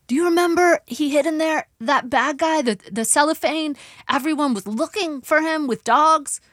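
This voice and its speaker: A woman voicing an elderly father who speaks in blunt, halting phrases. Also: high-pitched, fairly bright tone, dry recording, clean studio sound, pitched above the performer's own voice. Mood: puzzled. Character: confused elderly father, gruff and abrupt.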